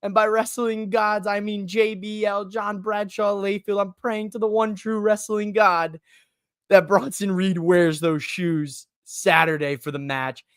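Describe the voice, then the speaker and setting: A woman hosting a live wrestling watch-along podcast in casual chat, excitable and swearing, breaking into loud high-pitched shouts. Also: a little slow, no echo, clean studio sound. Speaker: podcast host.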